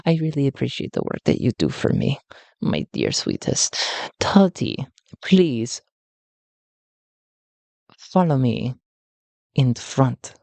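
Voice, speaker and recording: A cruel, commanding woman villain from a tabletop game, icy and lowered, her orders drawn out slowly. The narrator puts her on. Dry, close sound. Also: sing-song, creaky, dark tone, no echo, heavily acted. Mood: condescending.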